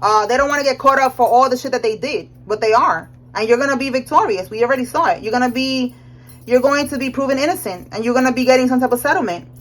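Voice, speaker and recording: A young woman giving a casual tarot reading, animated and slangy, often checking in with "all right?". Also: sits high, fast talker, rough recording. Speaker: tarot reader.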